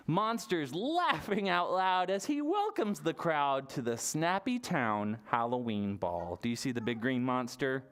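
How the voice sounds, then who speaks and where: Lively, animated storytime reader. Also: mid-range voice. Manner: animated and playful, with gasps and exaggerated sounds for small children. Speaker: library storytime leader. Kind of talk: toddler storytime, reading a picture book aloud. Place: public library storytime session.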